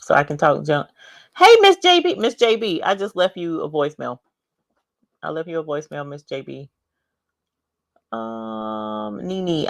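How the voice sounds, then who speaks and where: A woman hosting a casual craft livestream, chatting and greeting viewers by name with drawn-out exclamations. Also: low-pitched, a bit bright, dry recording, clean studio sound.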